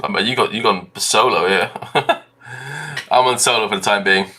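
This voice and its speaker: A man's voice: on the low side, moderate pace, bright, forceful tone. A man co-hosting a fan football live stream, laughing a lot and calling his co-host mate. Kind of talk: casual football chat.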